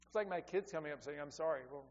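High-voiced pastor in an echoing hall. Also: male voice, quick pace. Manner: earnest, repeats key phrases, swings between loud and soft. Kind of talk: sermon. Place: church sanctuary. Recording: dull lo-fi sound with long hall reverb and faint hum.

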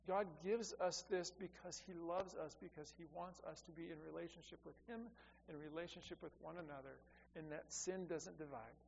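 A middle-aged male pastor with a high-pitched voice preaches an earnest sermon, repeating key phrases and swinging from soft to loud. The sound is dull and lo-fi, with a long reverb trailing off the walls of a church and a faint hum underneath. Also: fairly even intonation, normal speed, gravelly. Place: church sanctuary.

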